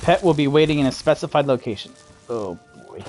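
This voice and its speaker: A man's voice: on the high side, animated, a little fast, darkish tone, soft background music. A man giving casual, rambling commentary while playing a video game, cursing and laughing as he reacts. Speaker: gamer streamer. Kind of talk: casual gameplay commentary to his mother.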